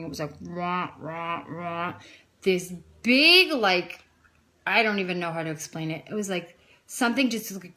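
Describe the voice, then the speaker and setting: Home vlogger, female, bright tone, candid storytelling that swells with emotion. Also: mid-range voice. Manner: emotional, gets loud and excited at key moments. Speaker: vlogger sharing her faith testimony. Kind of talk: casual personal storytelling.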